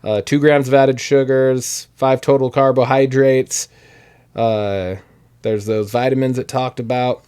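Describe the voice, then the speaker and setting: A man's voice: medium pitch, flat delivery, measured pace, a little mellow, clear, resonant tone. A man co-hosting a podcast in casual chat, rambling and laughing often as he trails off and restarts. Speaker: podcast co-host. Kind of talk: casual chat tasting a drink.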